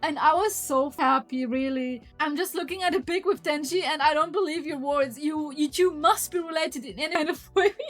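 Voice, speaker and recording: Excitable high-voiced woman streamer. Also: moderate pace, hardly any pauses, soft background music. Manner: excitable, breaks into high squeals. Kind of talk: casual stream chat over her recap edit.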